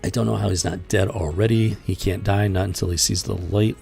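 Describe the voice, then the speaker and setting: A man with a low, gravelly voice talks through a comic book in casual commentary, sarcastic and exasperated, often restarting his sentences. His tone is dark and mellow. Faint music plays underneath. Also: steady tone, fast, few pauses. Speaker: host reviewing comics. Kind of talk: casual commentary reading comic dialogue aloud.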